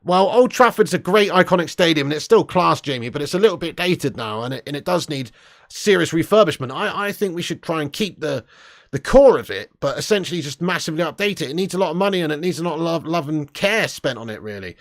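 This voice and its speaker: A man's voice: fairly high pitch, animated, quick pace, dry recording, studio quality. A man hosting a casual live stream, chatting and laughing as he reads viewer comments aloud. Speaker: live stream host reading chat.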